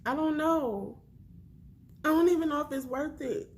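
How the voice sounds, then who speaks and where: A woman in her thirties speaking in an emotional confessional vlog, soft and halting, at times whispering and close to tears. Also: high voice. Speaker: family vlogger.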